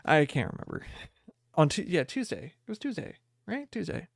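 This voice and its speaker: A young man hosting a podcast, chatting casually and excitedly as he opens card packs and reads the cards aloud. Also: fairly high pitch, moderate pace, vocal fry, dry recording. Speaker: podcast host. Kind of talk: casual card pack opening chat.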